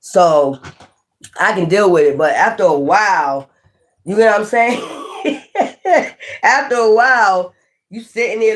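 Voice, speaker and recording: A tarot reader giving a casual reading who laughs often, swears freely and acts out imagined people in quick asides. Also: medium pitch.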